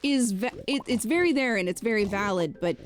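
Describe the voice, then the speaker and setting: A woman's voice: mid-range voice, lively intonation, a little fast, faint music behind. A woman co-hosting a game stream in casual, chatty, self-deprecating talk. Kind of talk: casual chat.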